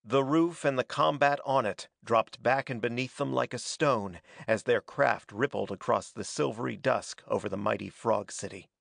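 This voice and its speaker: A man reading a pulp adventure story aloud as a dramatic, steady narrator. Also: mid-range voice, moderate pace, gravelly, few pauses, no echo, studio quality. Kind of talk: scripted audiobook narration.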